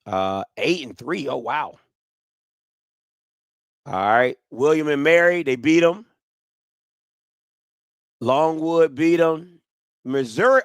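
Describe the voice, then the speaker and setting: Exclaiming sports-talk host, lively pitch. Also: male voice, slow, long pauses, clean tone, no echo. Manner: exclamatory, reacting aloud while reading out lists. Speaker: podcast host.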